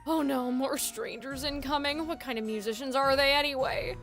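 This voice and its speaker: A woman's voice: fairly even intonation, normal speed, music in the background, close to an everyday voice. A woman voicing a gloomy, reclusive young man who mutters anxious rants. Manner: low, muttering rant.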